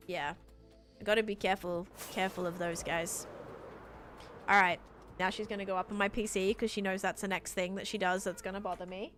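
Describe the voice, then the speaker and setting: A woman's voice: medium pitch, fairly even intonation, a little fast, a bit bright, soft background music. A young woman from Australia with an Australian American accent, casually chatting on a gaming stream while answering chat and describing what she builds. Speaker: live streamer. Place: home room with her PC.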